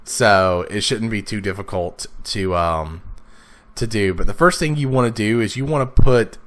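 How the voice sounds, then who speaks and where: A man with a raspy, stuffed-up voice, casually talking through his gameplay with lots of fillers and restarts. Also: lowish voice, moderate pace, a bit bright. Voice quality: raspy, congested from blocked sinuses. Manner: rambling, many fillers and restarts. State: sniffly, stuffed up. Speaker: let's play gamer.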